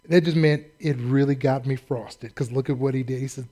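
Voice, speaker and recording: A man preaching a sermon in a folksy, animated way, acting out the people in his story. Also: mid-range voice, a little fast, few pauses. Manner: folksy, animated, acts out quotes. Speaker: pastor.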